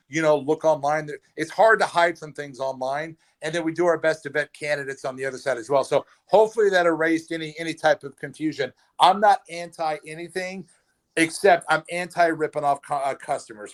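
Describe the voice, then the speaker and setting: A fairly high-voiced man chats as a podcast guest over a patchy remote call. He tells stories in an animated way, often restarting his sentences. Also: fairly quick. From Texas. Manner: animated storyteller with frequent restarts. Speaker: podcast guest, trades recruiter. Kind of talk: casual storytelling chat. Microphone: remote call with a bad connection.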